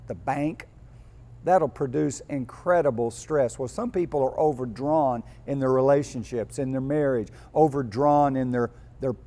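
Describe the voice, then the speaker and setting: A man's voice: medium pitch, warm tone. A male pastor preaching a sermon, telling homespun stories and building to emphatic peaks.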